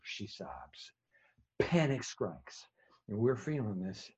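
A man preaching a sermon as a vivid story, dropping to a hush at tense moments. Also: on the low side, very animated, slow, slightly rough, highs cut off. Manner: vivid storytelling with sudden hushed drops.

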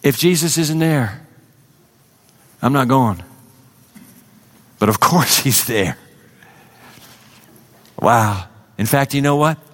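A man preaching a sermon to a congregation, emphatic, swinging between loud declarations and hushed, intimate passages. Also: medium pitch, lively intonation, slow, pauses often. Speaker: pastor.

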